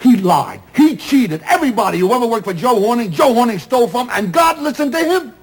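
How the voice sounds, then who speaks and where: An actor playing a middle-aged theatrical agent, loud, sardonic and self-pitying, in a 1970s TV drama. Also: male voice, very high voice, lively intonation, a little fast. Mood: outraged. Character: loud, bitter, wisecracking male theatrical agent. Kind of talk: 1970s television drama acting.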